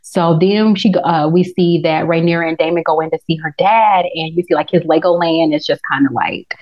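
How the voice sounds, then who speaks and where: A woman, recapping a TV episode in casual chat and acting out the characters in quick, laughing asides. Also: sits low. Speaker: podcast co-host. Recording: dull lo-fi sound.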